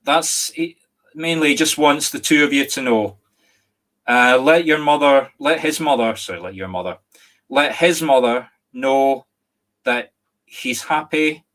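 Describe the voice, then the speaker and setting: A middle-aged Scottish man, a medium giving a live reading online, speaking gently and apologetically with many restarts and a catch of emotion. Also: medium pitch, a little slow. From Scotland. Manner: emotional, near tears at times. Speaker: psychic medium.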